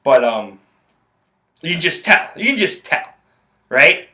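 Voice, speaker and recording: A man's voice: on the high side, sing-song, slow pace, bright, forceful tone. A young man, hosting a solo podcast and telling a rambling, blunt story full of profanity. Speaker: podcast host.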